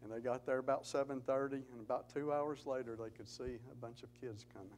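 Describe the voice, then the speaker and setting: A man's voice: medium pitch, fairly even intonation, fairly quick, a little mellow, a little hiss or hum, rough recording. A man giving an earnest testimony talk in church, telling stories with rising emphasis. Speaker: Gideons speaker at church.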